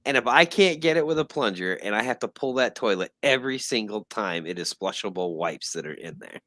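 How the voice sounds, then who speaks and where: A man chatting casually on a podcast, explaining practical details in a matter-of-fact way. His voice is bright and forceful. He is recorded close and dry, with no room sound. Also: on the low side, animated, fairly quick, no room sound. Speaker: co-host, building maintenance worker. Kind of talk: casual chat.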